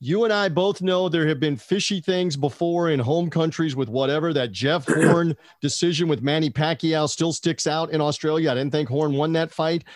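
Chatty man, slightly high, dry sound. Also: moderate pace, hardly any pauses, no room sound. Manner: chatty, digressive, asks co-host questions. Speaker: podcast co-host. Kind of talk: casual boxing chat.

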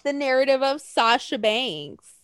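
Lively high-voiced woman chatting. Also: measured pace, clear, resonant tone, no echo, clean studio sound. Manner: animated, swearing, laughing often. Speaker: podcast co-host. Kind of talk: casual chat.

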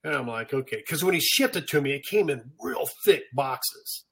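Husky older man telling a story. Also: mid-range voice, normal speed. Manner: animated storyteller, acts out quotes. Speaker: podcast guest, pro turf manager. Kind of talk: casual storytelling chat.

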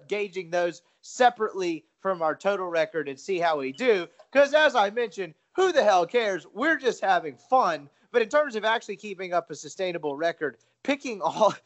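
A man's voice: sits high, fairly bright tone. A man co-hosting a sports betting podcast in casual, self-deprecating, rambling chat. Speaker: podcast co-host.

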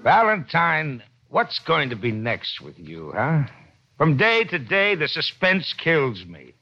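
A gruff police lieutenant, with a gravelly voice and a sarcastic bite. His pitch moves a lot. It sounds like a lo-fi old radio recording. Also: huge pitch swings, slow, sharp tone, full character voice. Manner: sarcastic, grumbling. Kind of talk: 1940s radio acting.

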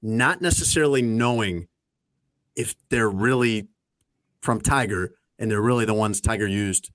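His lowish, slightly bright voice runs a little slow, captured in a dry recording. A sports radio host aged in his thirties or forties, he walks through the news conversationally and drily, leaning on lots of fillers.

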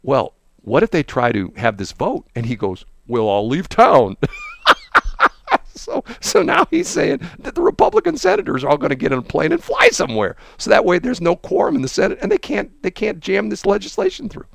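A man's voice: huge pitch swings, fairly quick, creaky, few pauses, no room sound, studio quality. A man in casual political chat, mocking and laughing often as he tells a story. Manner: chatty, mocking, laughs often, mimics people in high voices. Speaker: co-host.

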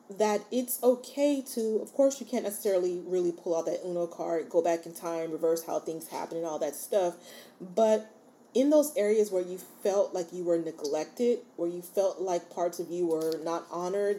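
A woman's voice: mid-range voice, warm tone. A woman hosting a solo podcast, talking informally and encouragingly and often checking in with her listeners. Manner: chatty and informal. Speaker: podcast host. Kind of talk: casual solo podcast talk.

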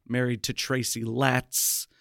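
A young man co-hosting a podcast, chatting casually in an animated, self-deprecating way and exclaiming often. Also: medium pitch, takes it slowly, creaky, dry recording, studio quality. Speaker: podcast co-host. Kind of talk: casual chat.

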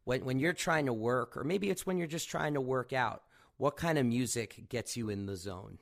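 A man's voice: mid-range voice, normal speed, creaky. A man hosting a casual interview, asking friendly, rambling questions. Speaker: podcast host.

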